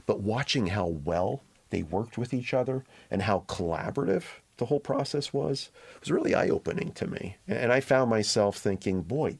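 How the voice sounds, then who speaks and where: A man, a print reporter and podcast guest, telling a story in relaxed conversational talk. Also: medium pitch, normal speed, vocal fry, slightly rough. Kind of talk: casual interview talk.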